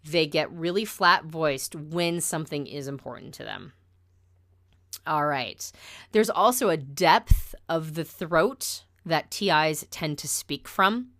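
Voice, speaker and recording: A woman teaching about personality types in a casual, conversational lesson, turning flatter and more deliberate when she makes a point. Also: deep voice.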